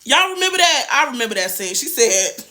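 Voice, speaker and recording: A young woman hosts a TV review show, recapping an episode in loose, slangy chat. Her delivery is animated and full of sassy asides. Her voice has a bright, sharp edge. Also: sits high, brisk, a little hiss or hum. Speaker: TV review host.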